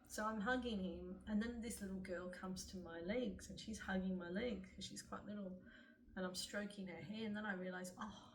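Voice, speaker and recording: A woman's voice: medium pitch, fairly even intonation, normal speed. A woman, an author earnestly retelling a personal story with frequent fillers. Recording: distant mic, faint room noise.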